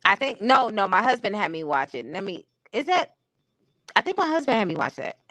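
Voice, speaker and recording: Fairly quick and sharp-toned, this woman's medium-pitched voice swings widely in pitch as she hosts a live stream from home. She chats in a candid, opinionated, slangy way, heard on a low-quality recording with no echo.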